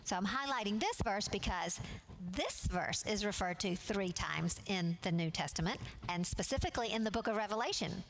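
A woman teaching a Bible study class from slides. She speaks in a measured, earnest way and leans on key words. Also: mid-range voice, lively intonation, slight background noise.

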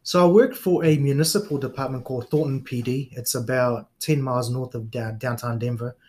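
Middle-aged New Zealand man, relaxed guest storyteller, mid-range voice. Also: medium pitch, a little fast. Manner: relaxed storyteller, frequent fillers and laughs. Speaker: guest police officer. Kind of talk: casual interview chat.

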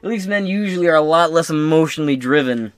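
A man's voice: a little high, expressive, fast, clean tone, no room sound. Profane ranting male podcast host. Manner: crude, swearing, mocking impressions.

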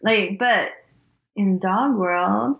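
A woman's voice: medium pitch, drawn-out words, creaky, a bit bright, echoey room. A woman co-hosting a podcast in casual chat, teasing her partner and laughing often. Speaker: podcast co-host.

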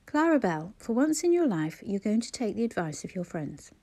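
A man's voice: high-pitched, very animated, moderate pace, darkish tone, heavily acted. A woman reading aloud voices a blunt grown man who teases a friend with emphatic banter. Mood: teasing.

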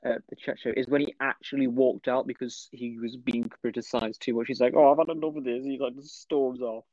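A man's voice: medium pitch, level tone, normal speed, a little mellow, no room sound. Teasing young man, dull dry audio. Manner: jokey, teasing, tells anecdotes. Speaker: podcast co-host. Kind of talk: casual chat.

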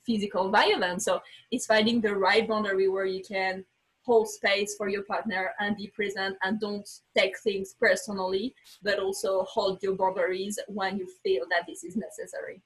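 Husky woman telling a personal story. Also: mid-range voice, moderate pace, poor audio. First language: not English. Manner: animated, acts out quoted dialogue, frequent restarts. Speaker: podcast guest.

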